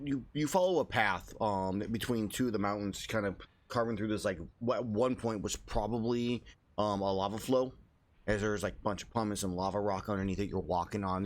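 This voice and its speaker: Relaxed low-voiced game master, halting. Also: male voice. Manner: relaxed, hesitant with many fillers. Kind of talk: narrating a tabletop game.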